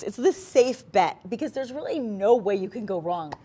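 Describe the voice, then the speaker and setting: A woman's voice: medium pitch, animated, moderate pace, dark tone, husky. Persuasive woman shopping channel host. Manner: conversational, persuasive. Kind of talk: live TV shopping banter.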